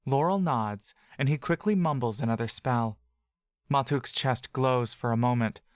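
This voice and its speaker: Slow measured storybook narrator. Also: mid-range voice, no room sound, studio quality. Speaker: audio drama narrator. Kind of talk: second-person scripted fantasy narration.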